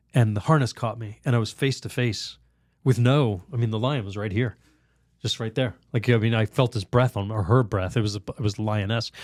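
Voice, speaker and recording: A man of middling pitch tells an animated story on a podcast, breaking into laughter and acting out the people he quotes. He often stops and restarts his phrases. The recording is dry and close-miked, with no room sound. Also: dry recording. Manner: halting restarts and fillers. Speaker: priest guest.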